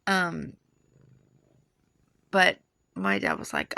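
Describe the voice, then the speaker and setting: A woman in her forties tells a personal story with emotional earnestness, stopping and restarting with fillers. Her voice is bright and edgy, with a deep gravelly fry running through it. Her pitch climbs and drops in a lively way. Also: a little slow, dry recording. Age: 40s. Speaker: video creator sharing dreams.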